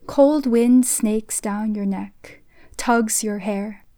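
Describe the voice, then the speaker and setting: A woman reading a literary short story aloud in a soft, hushed voice that sometimes drops to a whisper. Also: fairly high pitch, drawn-out words, dry recording. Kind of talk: literary reading in second person.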